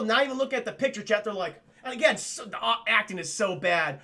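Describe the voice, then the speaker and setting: A young man livestreaming a casual film review, retelling scenes in an animated, profane way and talking to his chat. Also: high voice, fast talker, few pauses.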